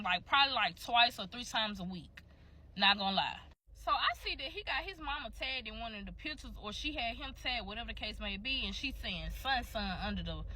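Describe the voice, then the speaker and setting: Bright-voiced young woman telling a story. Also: a little high. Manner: candid, profane, chatty storytelling. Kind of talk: casual storytime to viewers.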